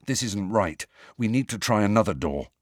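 Man doing a tense, determined teenage boy, forceful, urgent, a bit raised in pitch, lively audiobook read, dry sound. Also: normal speed, dry recording. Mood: uneasy.

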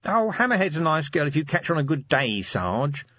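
A man's voice: a little high, sing-song, a little fast, fairly bright tone, lo-fi sound, a little hiss or hum, pitched above the performer's own voice. A man voicing an eager, anxious, scruffy young male corporal who speaks in a wide-eyed way. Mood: defensive.

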